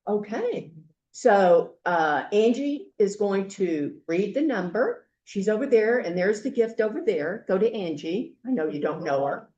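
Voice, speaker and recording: An older woman, a grandmother, hosting a group meeting with chatty, halting welcome remarks. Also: mid-range voice, expressive, dark tone, reverberant, dull audio. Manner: chatty, halting, with many fillers. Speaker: meeting host. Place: meeting room.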